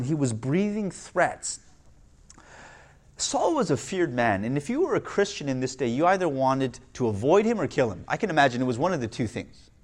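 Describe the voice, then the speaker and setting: A man preaching a sermon, starting conversational with restarts and growing loud and emphatic. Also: mid-range voice. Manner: restarts and repeats words. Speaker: pastor.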